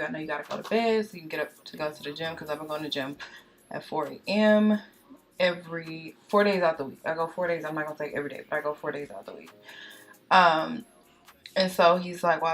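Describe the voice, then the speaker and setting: A young woman chatting and confiding in her viewers while doing her makeup. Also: fairly low pitch. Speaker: beauty vlogger.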